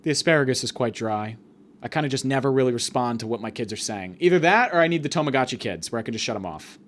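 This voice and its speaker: A man hosting a podcast, rambling through a crude comedic monologue full of fillers and deadpan exaggeration. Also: medium pitch, very fast, a little hiss or hum. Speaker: podcast host.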